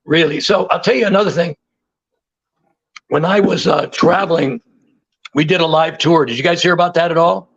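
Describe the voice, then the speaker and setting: Man in his 60s, interview guest, higher voice, animated storyteller, muffled lo-fi sound. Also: moderate pace, pauses often, breathy edge. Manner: animated, repeats words for emphasis.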